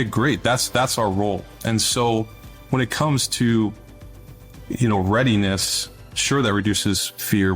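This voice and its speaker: A middle-aged man, a former Navy officer, speaking as an interview guest, telling stories in an earnest, conversational way that often repeats words as he starts a thought. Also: on the low side. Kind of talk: interview storytelling.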